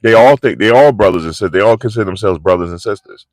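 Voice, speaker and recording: A man's voice: on the low side, quick pace, a little mellow, no room sound. A man hosting a livestream, telling stories in casual slang and reading out chat comments. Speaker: livestream host.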